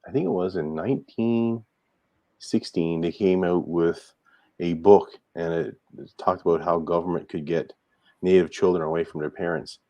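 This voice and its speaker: A man's voice: deep voice, moderate pace, mellow, dry recording, highs cut off. A retired man from Newfoundland, a guest on a live stream, speaking in a plain-spoken, friendly way. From Newfoundland, Canada. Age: older. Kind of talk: interview conversation.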